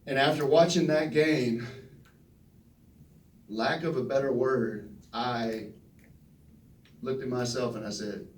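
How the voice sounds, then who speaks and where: A man, telling folksy, animated stories at a press conference and acting out the quotes. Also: medium pitch, slow, long pauses. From Texas. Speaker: retiring football player at press conference. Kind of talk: storytelling speech. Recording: roomy echo from a distant mic.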